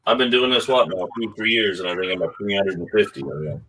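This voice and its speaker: A man from Canada talks casually about a book, now and then reading lines aloud slowly and deeply. His voice sits low and has a husky, breathy edge. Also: animated, a bit bright, poor audio. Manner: reads book passages aloud in a slow, low voice. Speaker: guest whisky reviewer. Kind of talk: casual chat.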